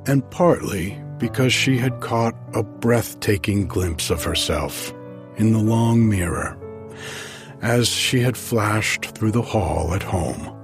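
A man narrating an audiobook in a measured, expressive storytelling manner. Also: on the low side, over music.

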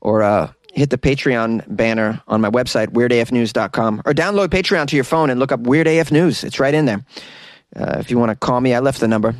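A chatty man hosts his own podcast, reading out listener mail and shouting people out. His voice sits in a middle pitch, and the recording is close and dry with no room sound. He talks loosely, full of "uh"s and small restarts. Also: fairly quick, no echo. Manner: easygoing, chatty, many fillers and restarts; breaks into laughter. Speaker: podcast host.

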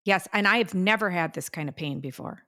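An older woman co-hosting a podcast, chatting casually and telling stories with drawn-out fillers and sighs. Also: on the low side, sharp tone. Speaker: podcast co-host. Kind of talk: casual chat.

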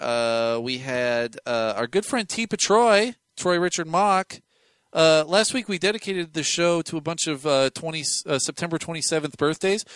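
A man co-hosting a podcast in casual chat, animated and rambling with fillers and laughs. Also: on the high side, clear, resonant tone, no room sound. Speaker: podcast co-host.

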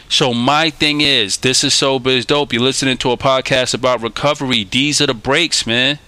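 A man hosting a recovery podcast, telling a story in a casual, animated way and acting out the dialogue with streetwise slang. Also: mid-range voice, normal speed, few pauses, smooth, dry recording. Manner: animated, acts out quoted dialogue; streetwise slang, says "yo" and "y'all". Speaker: podcast host. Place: New York City.

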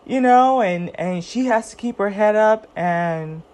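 A woman's voice: medium pitch, measured pace, a little mellow. A woman hosting a casual commentary chat, rambling and chatty, with many fillers and self-corrections. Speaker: podcast host. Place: at home, eating snacks.

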